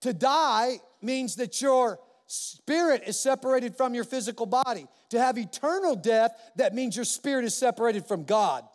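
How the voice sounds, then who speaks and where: A male pastor preaching a sermon in a church, animated and emphatic, repeating key phrases for weight. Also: very high voice, moderate pace, hardly any pauses. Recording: long reverb of a large hall.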